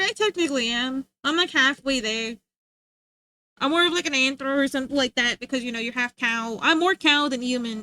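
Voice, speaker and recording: A woman's voice: high-pitched, a little fast, sharp tone. A young woman streamer chatting casually, rambling and laughing often.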